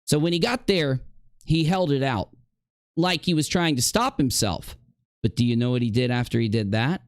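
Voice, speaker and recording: A man's voice: mid-range voice, lively intonation, normal speed, dry recording, studio quality. A man streamer in a heated livestream rant, confrontationally addressing a rival directly.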